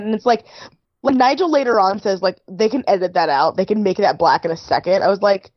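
A woman's voice: medium pitch, fairly quick, dry recording, dull audio. A young woman co-hosting a podcast, chatty and full of "like", often mimicking the people she talks about. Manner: chatty, lots of "like", mock-imitating people. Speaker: podcast co-host. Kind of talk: casual chat recapping a TV show.

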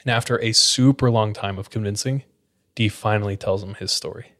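A man with a somewhat low voice tells a story on his podcast. He keeps it loose and casual, peppering the telling with "like" and quick restarts. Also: steady tone, a bit bright. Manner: casual, filler-heavy retelling with frequent "like". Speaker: podcast host.

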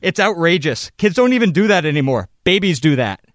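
A man voicing a furious young Canadian hockey player in a loud, indignant rant in clipped bursts. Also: a little high, big pitch swings, fairly quick, dry recording, studio quality. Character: furious young male hockey player ranting about a rival. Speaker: radio show host.

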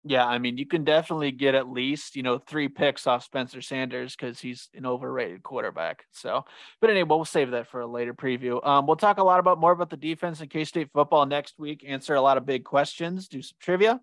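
A man's voice: medium pitch, brisk, no echo. Chatty male podcast co-host, exclaims over stats, dry close recording. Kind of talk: casual sports podcast chat.

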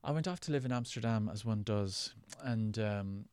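A man's voice: fairly low pitch, normal speed, darkish tone, slight background noise. An Irish man, a guest actor and writer, telling rambling, wry, self-deprecating stories in a casual interview. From Ireland.

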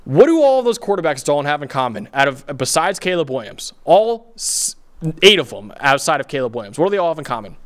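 A man's voice: on the high side, very animated, brisk. Emphatic man co-hosting a sports podcast. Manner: emphatic, wound-up, repeats points. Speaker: podcast co-host, analyst. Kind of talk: animated sports debate.

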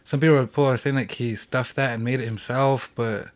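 Fast-talking man telling a story. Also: mid-range voice, steady tone. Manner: fast rambling with many "like" fillers. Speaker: podcast guest. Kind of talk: casual storytelling.

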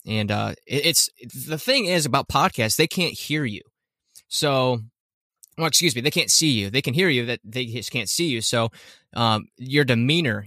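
A man's voice: mid-range voice, fairly bright tone, no echo, clean studio sound. A man co-hosting a podcast in casual chat, rambling and correcting himself, often laughing. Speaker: podcast co-host.

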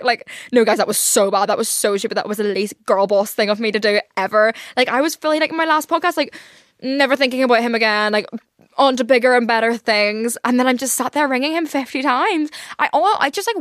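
A young woman with a fairly high voice talks on her own podcast, rambling through her thoughts with lots of "like" and the odd swear word. The recording is dry and close, with no room sound. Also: a little fast, no room sound. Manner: rambling, candid, full of "like" fillers and swearing. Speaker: podcast host. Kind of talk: casual solo podcast chat.

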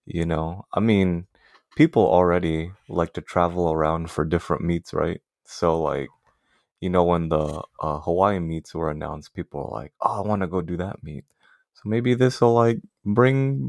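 Young male co-host, very deep gravelly voice, relaxed, easygoing delivery. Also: normal speed, no room sound, studio quality. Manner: laid-back, shrugging. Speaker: podcast co-host. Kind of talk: casual podcast chat.

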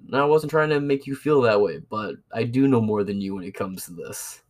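Casual male host, profane, sarcastic, animated storyteller. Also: medium pitch, brisk. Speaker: podcast host. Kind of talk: casual ranting monologue.

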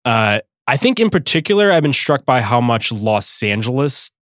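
A man hosting a sports podcast, talking in a relaxed, self-deprecating way with frequent fillers. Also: medium pitch, normal speed, no echo, studio quality. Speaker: podcast host. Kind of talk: casual sports chat.

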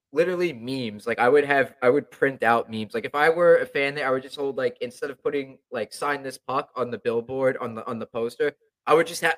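A man's voice: mid-range voice, fairly bright tone. A young man chatting casually as a hockey fan, rambling with lots of fillers. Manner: rambling, many fillers and restarts. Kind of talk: casual chat.

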